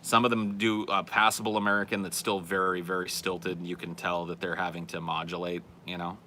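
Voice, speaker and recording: A man with a low voice and a bright, forceful edge, chatting casually on a livestream. He rambles and restarts his sentences as he answers viewer questions. A faint rumble and noise sit under the recording. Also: little pitch movement, fairly quick. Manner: rambling, self-correcting, conversational. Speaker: podcast host reading chat questions.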